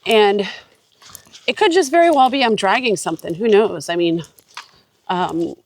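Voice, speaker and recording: A woman's voice: medium pitch, moderate pace, a little hiss or hum. A woman with a congested voice, chatting casually and rambling with many fillers while vlogging on an outdoor forest trail. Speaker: hiking vlogger. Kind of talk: casual vlog talk while hiking.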